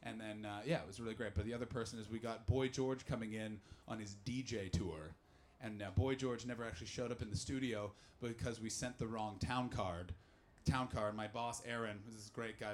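A man's voice: lowish voice, fairly even intonation, brisk, a little hiss or hum. A young man doing a stand-up comedy set, telling rambling, profane, self-mocking stories and throwing questions at the crowd. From Canada.

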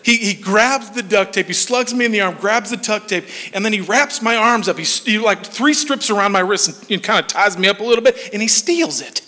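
High, bright-voiced man telling comic stories. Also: brisk, hardly any pauses. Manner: animated, laughs through his punchlines. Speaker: stand-up comedian. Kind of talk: comic storytelling on stage. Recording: long hall reverb.

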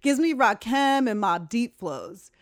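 A woman's voice: fairly high pitch, animated, slow. A young woman from Long Island telling a personal story in a candid, profane way, acting out the voices of the people she quotes. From Long Island, New York. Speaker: podcast host. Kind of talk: casual storytelling monologue.

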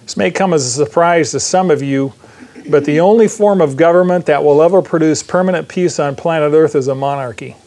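A pastor with a notably high voice preaches to his congregation. He reads scripture, then slips into relaxed, joking asides and questions for the crowd. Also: brisk. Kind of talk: sermon.

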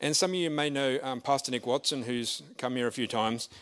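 A middle-aged pastor preaching at medium pitch. He tells his story in a loose, chatty way and pokes fun at himself. He breaks off often and starts his sentences over. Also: a little fast, fairly bright tone. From Australia. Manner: chatty and self-deprecating, with frequent restarts and laughs. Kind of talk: sermon storytelling.

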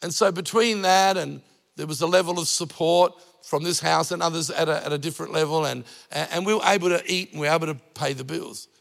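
A middle-aged man preaching in a relaxed, storytelling way, dropping in jokes. His voice is gravelly and sits a little high. The sound carries a long reverb like a large church hall. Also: brisk. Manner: conversational preaching with jokes and acted-out anecdotes. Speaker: pastor. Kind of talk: sermon.

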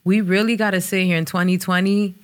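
A woman's voice: mid-range voice, flat delivery, brisk. A woman guest on a casual girl-talk podcast, blunt and emphatic, swearing heavily.

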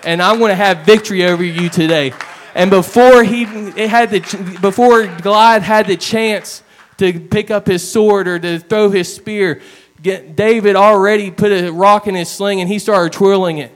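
A man's voice: high-pitched, fairly even intonation, unhurried. A man preaching a sermon, retelling stories in an earnest, storytelling way.

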